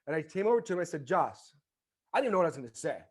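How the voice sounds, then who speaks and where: A man's voice: on the high side, sing-song, very fast, breathy edge. A man in his forties telling a story in casual conversation as a podcast guest, animatedly acting out the voices of people in it. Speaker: podcast guest, former baseball player.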